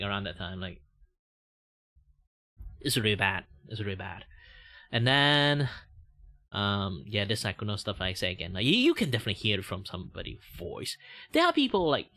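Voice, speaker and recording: A man's voice: on the low side, sharp tone. A man with a Malaysian English accent, chatting casually on a livestream while drawing, rambling with lots of filler words and casual swearing.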